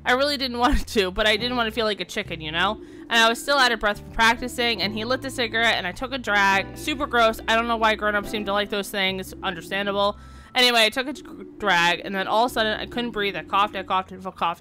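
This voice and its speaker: A woman's voice: mid-range voice, fast, sharp tone, soft background music, close to an everyday voice. A woman voicing a young girl patient who eagerly rambles about her skateboard and what happened at the skate park. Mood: chatty.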